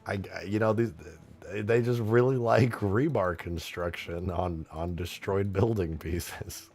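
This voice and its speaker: A young man live-streaming as a game modder, thanking viewers for tips, excitable and swearing, straining a tired voice. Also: low voice, unhurried, soft background music. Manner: excitable, swearing, laughing between lines.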